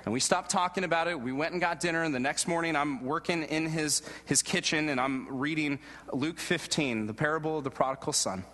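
A man preaching a sermon and telling a personal story in an earnest way, going low and soft at the moving parts. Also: brisk. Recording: long reverb of a large hall.

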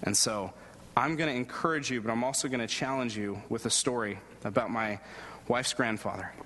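A man preaching a sermon and telling a personal story in an earnest way, going low and soft at the moving parts. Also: a little fast, a little hiss or hum. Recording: long reverb of a large hall.

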